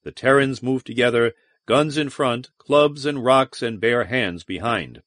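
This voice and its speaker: Male audiobook narrator, measured, dramatic, middle pitch, dry close sound. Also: a bit bright, dry recording. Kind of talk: scripted narration.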